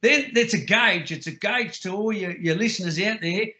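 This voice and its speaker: A man's voice: sits high, normal speed, bright, forceful tone. A man on a voice call, arguing in a mocking, profane, sarcastic way. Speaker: caller on a group call. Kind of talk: heated argument on a voice call.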